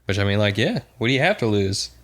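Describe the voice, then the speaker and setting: A young man co-hosting a podcast, chatting casually about a book, animated and quick to act out lines with a laugh. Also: lowish voice. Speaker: podcast co-host. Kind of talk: casual book discussion chat.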